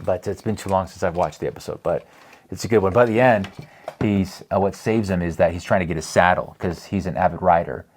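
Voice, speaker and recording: A man's voice: deep voice, brisk, a little mellow, a little hiss or hum. A man co-hosting a podcast in casual chat, rambling and chatty with frequent laughs. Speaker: podcast co-host.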